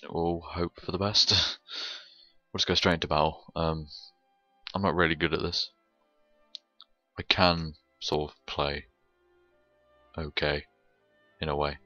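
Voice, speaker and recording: Young British man, bright gritty tone, unhurried and sweary, rambling gamer chat with plenty of chuckles. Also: very deep voice, level tone, dry recording, dull audio, soft background music. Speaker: gameplay commentator. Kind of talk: casual gameplay commentary.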